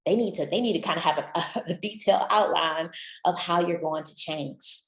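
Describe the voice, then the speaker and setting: A woman's voice: lowish voice, normal speed, echoey room, low-quality recording. A woman giving relationship advice in an encouraging, chatty way, talking straight to her listener. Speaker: relationship coach. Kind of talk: motivational talk to camera.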